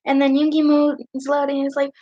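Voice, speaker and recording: A woman reads fanfiction aloud on a livestream in a casual, high voice. She keeps breaking off for giggly, chatty asides. The stream audio sounds muffled and lo-fi. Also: completely flat delivery, brisk, mellow. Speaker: livestream host.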